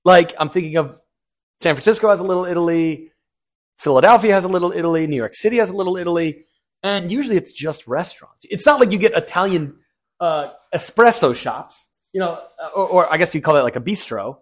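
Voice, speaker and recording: A man's voice: high-pitched, animated, a little fast. A man co-hosting a casual on-air chat, rambling and wry as he thinks aloud. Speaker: co-host.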